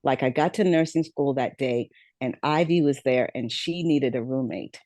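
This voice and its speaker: A woman's voice: extremely low pitch, moderate pace, dark tone, dry recording. A woman guest on a podcast telling her life story, reflective and repeating key phrases for emphasis. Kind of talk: storytelling interview.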